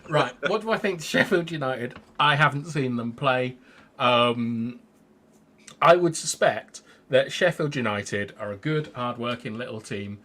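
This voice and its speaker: A man's voice: medium pitch, unhurried, sharp tone. A man co-hosting a casual fan show, giving strong opinions in a rambling way. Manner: opinionated, rambling, restarts sentences. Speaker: fan channel co-host.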